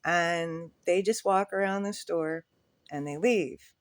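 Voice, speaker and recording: A man's voice: sits high, slow pace. A man who sells at a flea market, telling a story in a candid, rambling way with swearing and nervous laughs. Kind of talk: casual storytelling monologue.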